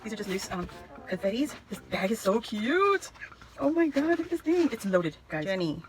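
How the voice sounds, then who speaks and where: Brief: woman craft vlogger, higher voice, effusive and gushing, paper crinkling heard behind her. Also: normal speed, a little hiss or hum. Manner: gushing, excited exclamations. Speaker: craft vlogger opening mail. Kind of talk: casual unboxing chat.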